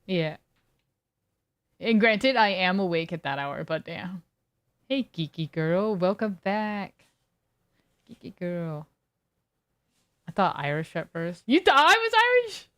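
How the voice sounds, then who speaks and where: A woman's voice: lowish voice, very animated, slow pace, long pauses, fairly bright tone. A woman streamer chatting casually with her viewers, reading chat aloud and riffing on it in a laid-back way.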